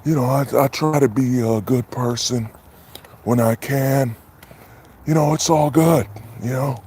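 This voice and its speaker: A man putting on the voice of a meek, soft-spoken man who hides the depth in his voice. It is a gentle, overly polite impression. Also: medium pitch, unhurried, a little hiss or hum, close to an everyday voice. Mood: mock polite. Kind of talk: mocking impression during a livestream.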